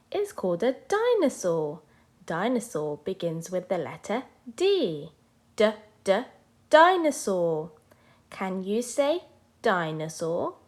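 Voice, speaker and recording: A woman teaches young children their letters. She talks slowly, with a lively voice that rises and falls, and she stretches each letter sound so the little ones can repeat it. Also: mid-range voice. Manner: slow, sing-song, sounding out letters for children. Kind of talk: children's phonics lesson.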